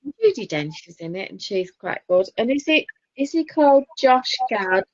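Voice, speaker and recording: A woman with a Northern English accent co-hosts a casual podcast chat, chatty and opinionated with laughing asides. Her medium-pitched voice swings widely in pitch at a normal speed, and the recording is dull, lo-fi and dry, with no room sound.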